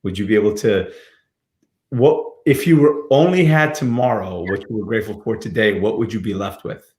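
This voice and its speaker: A man's voice: on the low side, moderate pace, darkish tone, reverberant. A man hosting a casual livestream interview, speaking in an upbeat, motivational way and often repeating words. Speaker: podcast host.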